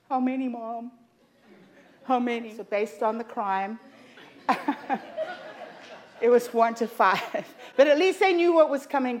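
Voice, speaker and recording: A woman's voice: mid-range voice, darkish tone. A middle-aged woman preaching a sermon in church, telling personal stories in a humorous, confiding way. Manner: humorous, confiding storytelling with laughs.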